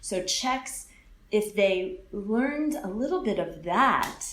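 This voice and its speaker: A woman's voice: medium pitch, lively intonation, slow pace, fairly bright tone, roomy sound, a little hiss or hum, poor audio. A woman from California with an American accent, chatting expressively and laughing often as an interview guest. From California, USA. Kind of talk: casual interview chat.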